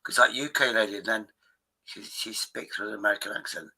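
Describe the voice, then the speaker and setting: A man's voice: lowish voice, brisk, sharp tone, low-quality recording. A man hosting a live stream, rambling in a casual, profane way. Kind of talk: casual chat.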